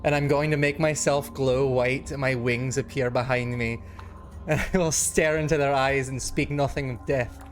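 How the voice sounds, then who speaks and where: A man's voice: medium pitch, steady tone, moderate pace, faint music behind. A man playing a tabletop game, describing his character's actions in an upbeat way. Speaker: player.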